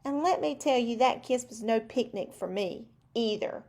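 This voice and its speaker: A woman's voice: a little high, expressive, normal speed, vocal fry, a little mellow. A woman reading a picture book aloud as a cheeky young prince turned frog, in a chatty, confiding storyteller tone.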